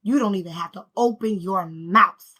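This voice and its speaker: A woman's voice: medium pitch, moderate pace, bright, forceful tone. A woman giving a casual spiritual self-help talk in an emphatic, slangy, repetitive style. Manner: emphatic, repetitive, preacher-like rhythm; conversational, slangy. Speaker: spiritual healing vlogger.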